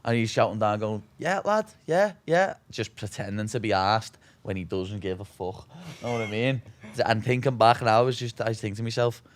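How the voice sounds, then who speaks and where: A man's voice: on the low side, flat delivery, a little fast, few pauses. A man in his twenties from Liverpool with a Scouse accent, telling stories in a casual interview, swearing freely and saying "lad" constantly. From Liverpool, England. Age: 20s. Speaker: guest, fighter.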